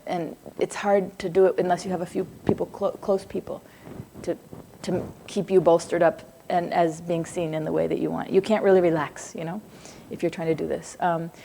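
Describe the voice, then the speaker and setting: A middle-aged woman with a low-ish, gravelly yet mellow voice speaks at a moderate pace in a level tone, with hardly any pauses and slight background noise. She's giving a live psychology class lecture in a conversational, roundabout way, drifting into asides, laughing easily and repeatedly asking students if they follow.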